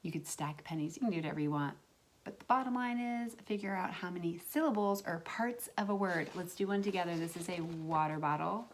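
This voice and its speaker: A woman's voice: fairly low pitch, a little fast, slight background noise. A woman teaching a remote lesson to young children as their kindergarten teacher, drawing out words in a sing-song way.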